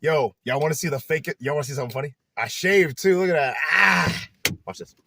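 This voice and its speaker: A young man chatting in a casual vlog, animated and laughing often, who trails off into rambling asides. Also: a little high, quick pace, background noise. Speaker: YouTuber.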